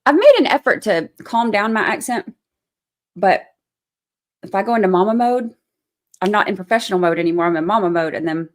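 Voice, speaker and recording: A woman's voice: mid-range voice, brisk, long pauses. A woman, hosting a casual livestream and talking through a trial, firm one moment and chatty the next. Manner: firm scolding then chatty explaining. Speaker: livestream host giving trial commentary.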